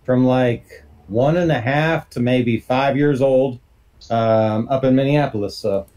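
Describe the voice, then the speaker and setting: A man's voice: medium pitch, a little slow, dark tone. A man chatting casually on a grower panel, joking and telling stories. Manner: joking, storytelling, laid-back. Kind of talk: casual chat.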